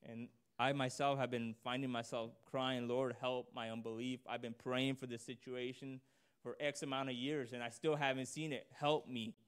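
A man preaching in a relaxed, conversational way, reading scripture and then unpacking it in his own words. His voice is smooth and clear at a middle pitch. When he presses a point he grows louder and higher, earnest rather than polished. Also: moderate pace. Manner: earnest, conversational, rising intensity on emphasis. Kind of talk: informal sermon with scripture reading.

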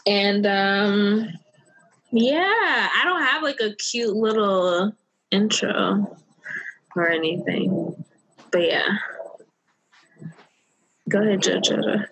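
A woman's voice: mid-range voice, drawn-out words, creaky, pauses often, fairly bright tone, husky, poor audio. A woman co-hosting a casual podcast chat, playful and giggly. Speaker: podcast co-host.

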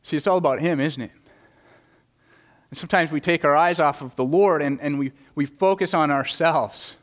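A man's voice: a little high, moderate pace. A man preaching a sermon as pastor, earnest and repeating words as he presses each point. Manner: acts out quoted prayers in a raised voice.

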